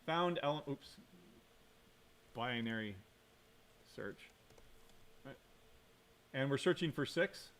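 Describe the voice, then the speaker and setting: A man's voice: medium pitch, animated, slow, long pauses, fairly bright tone. A man giving a computer science lecture while coding, thinking aloud, quizzing the class and correcting himself.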